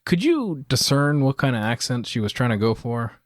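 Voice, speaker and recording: A man's voice: medium pitch, sing-song, moderate pace, dry recording, clean studio sound. A man co-hosting a podcast, talking casually and analytically about a film and steering the discussion. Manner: analytical, leads the topics. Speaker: podcast co-host.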